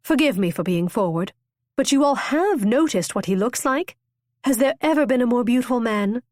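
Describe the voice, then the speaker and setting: A woman's voice: fairly high pitch, lively intonation, normal speed, no echo, studio quality, voice pushed up, natural voice. A woman voicing an impulsive, witty young noblewoman who tells her tale eagerly and theatrically. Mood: lively. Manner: bright, eager, storytelling.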